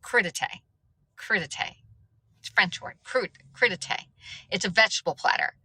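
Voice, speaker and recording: A woman's voice: medium pitch, fairly quick, bright, forceful tone, slightly rough, low-quality recording. A middle-aged woman chatting casually on a live stream, laughing at herself and stumbling over words. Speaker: livestream host.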